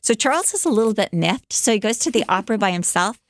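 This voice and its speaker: A woman co-hosting a podcast, telling a life story in an animated way, with many fillers, and acting out the quotes. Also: mid-range voice, fast talker, no echo, studio quality. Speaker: podcast co-host telling a biography. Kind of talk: casual storytelling chat.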